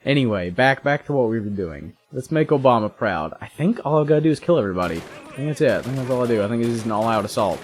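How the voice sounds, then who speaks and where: A young man rambles through casual gameplay commentary, cracking jokes and breaking into excited outbursts. His pitch swings widely, so the delivery sounds lively and animated. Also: fast. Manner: rambling, jokey, excitable asides. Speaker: let's play host.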